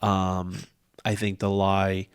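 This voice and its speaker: A man's voice: deep voice, completely flat delivery, slow, clean tone, no echo, clean studio sound. A man in his forties co-hosting a church podcast, chatting in an easygoing way and joking back and forth. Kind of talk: casual church podcast chat.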